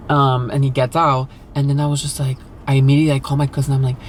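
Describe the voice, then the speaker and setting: A man's voice: mid-range voice, fast, a little hiss or hum. A young man telling a candid personal story in a casual vlog, talking loosely with lots of fillers and swearing. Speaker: vlogger.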